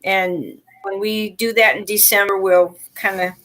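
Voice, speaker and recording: A woman hosts a live psychic reading stream, explaining things in a calm, reassuring way. Her voice sits at an ordinary middle pitch. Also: measured pace, slight background noise. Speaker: host and psychic reader. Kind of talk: livestream chat.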